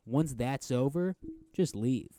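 A man's voice: medium pitch, expressive, takes it slowly, dark tone, no room sound, clean studio sound. A man co-hosting a casual podcast, rambling and swearing with frequent stammered restarts. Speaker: podcast co-host. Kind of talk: casual chat. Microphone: headphones and laptop setup.

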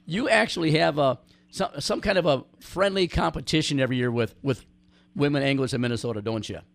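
A man hosting an outdoors radio show, his voice a bit hoarse. He talks in a jokey, rambling way, often restarting sentences. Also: medium pitch, a little fast, dry recording. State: hoarse from cheering. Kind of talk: casual radio chat.

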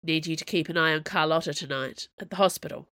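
A calm, terse boss of a circus crew who says little and means it, as a woman narrator puts him on. Low voice, close and dry. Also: fast, no room sound.

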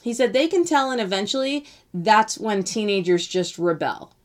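A woman's voice: mid-range voice, expressive, normal speed. A woman in her thirties hosting a podcast, talking casually about a parenting book with many fillers and restarts. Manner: conversational, many fillers and restarts, quotes the author. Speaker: podcast host.

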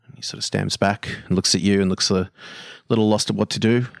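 A man narrating as game master of a tabletop game, relaxed and halting with fillers. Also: lowish voice, creaky, no echo, clean studio sound.

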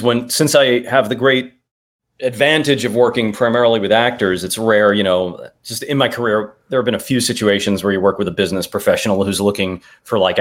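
A man's voice: medium pitch, fairly bright tone. A man, a dialect coach, explaining accent work step by step with examples in an interview. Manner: methodical, explains in steps with examples.

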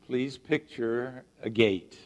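A man pastor preaching a sermon, slow and deliberate, stressing his points through repetition. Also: mid-range voice.

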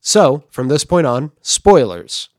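A man's voice: fairly high pitch, sing-song, a little mellow, no echo, studio quality. A man co-hosting a podcast, chatting casually and with strong opinions while he reviews a movie. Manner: opinionated, conversational, quick asides. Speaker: podcast co-host.

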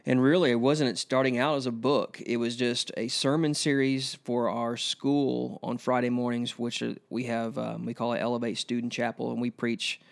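A man's voice: medium pitch, normal speed, vocal fry, hardly any pauses. Earnest man recounting a preaching story. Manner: earnest, growing emotional and animated when telling a story. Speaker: preacher and school chaplain. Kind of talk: casual interview storytelling.

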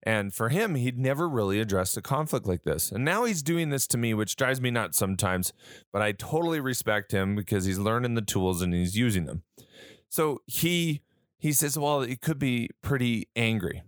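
A man speaks in a relaxed, conversational way, mixing stories with questions aimed at the listener. His voice sits at an ordinary middle pitch. The sound is dry and close, with no echo. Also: moderate pace. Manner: conversational storytelling with reported dialogue; earnest, rhetorical questions to listener. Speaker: speaker on handling conflict. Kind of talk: casual talk.

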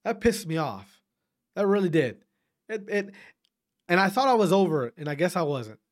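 A man in his thirties hosts a podcast, talking straight to his listeners in a loose storytelling monologue. His voice sits a bit higher than most men's, and he swears freely and restarts his sentences as he goes. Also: normal speed, no echo, clean studio sound. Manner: profane, animated, self-interrupting. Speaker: podcast host.

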